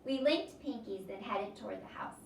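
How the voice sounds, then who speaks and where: A teacher reading a novel aloud in an expressive storybook voice. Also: female voice, fairly high pitch, moderate pace, a little hiss or hum. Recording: echoey room, distant mic.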